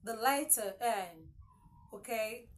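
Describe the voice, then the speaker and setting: A woman's voice: a little high, animated. A woman teaching English consonant sounds, repeating each word several times and checking in with "okay?". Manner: repeats words slowly, asks "okay?" often. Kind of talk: classroom-style lesson. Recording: faint background noise.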